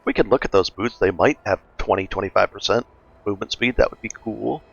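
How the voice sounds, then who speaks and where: A man casually narrating a gameplay walkthrough as a gaming guide host, relaxed and chatty, thinking aloud with fillers. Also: fairly low pitch, fairly quick, vocal fry, slightly rough, highs cut off.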